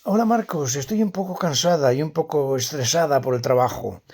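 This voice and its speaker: A man's voice: fairly high pitch, fast talker, a little mellow. A man reading a scripted dialogue as a tired, stressed woman who opens up to a friend. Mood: weary.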